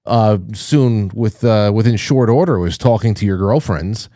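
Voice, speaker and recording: A man hosting a podcast interview who asks questions in a halting way, often repeating words as he searches for them. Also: lowish voice, warm tone, dry recording, studio quality. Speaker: podcast host. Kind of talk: casual interview.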